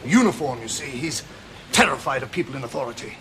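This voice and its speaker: A woman voicing a calm, well-spoken male security chief who is secretly an escaped madman. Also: extremely low pitch, quick pace, a crowd in the background, voice pushed down. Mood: sympathetic. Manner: well-spoken, smooth and sympathetic.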